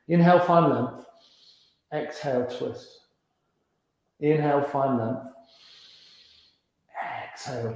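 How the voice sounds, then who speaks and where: A man teaching a gentle beginners yoga class, calmly cueing breaths and movements and chuckling now and then. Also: fairly high pitch. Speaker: yoga instructor. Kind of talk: guided yoga class instruction. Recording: echoey room.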